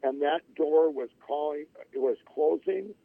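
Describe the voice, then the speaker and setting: Middle-aged male guest on a phone line, higher voice, dry close sound, rambling storyteller. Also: a little slow, gravelly, no room sound. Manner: rambling, with many restarts and acted-out quotes. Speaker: interview guest. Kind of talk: telling his life story in an interview. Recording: tinny phone-line audio.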